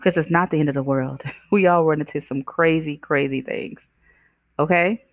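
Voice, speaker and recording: A woman with a low voice hosts a motivational self-help podcast at a moderate pace, talking conversationally and asking the listener questions. She acts out voices in her stories, and the clean studio sound carries no room sound.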